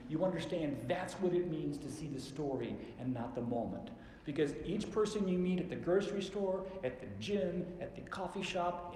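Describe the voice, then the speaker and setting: Mellow preacher in an echoey church. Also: male voice, fairly high pitch, a little hiss or hum. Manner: slows down and drops soft for emphasis. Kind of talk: sermon. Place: church sanctuary.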